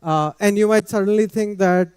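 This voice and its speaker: A man giving a technical talk at a conference in a measured, explanatory way. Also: sits high, a little mellow, smooth, no echo, studio quality, in a large hall. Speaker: conference speaker. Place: large conference hall.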